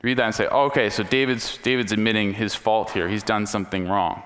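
A man's voice: on the low side, fairly even intonation, a little fast, fairly bright tone. A man preaching a sermon and leading a prayer, talking in a conversational, earnest way with frequent fillers and restarts. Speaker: pastor. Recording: long reverb of a hall.

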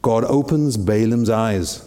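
A man's voice: fairly low pitch, slow pace, mellow. A man preaching a sermon, retelling a Bible story dramatically with lots of rhetorical questions. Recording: long reverb in a big hall.

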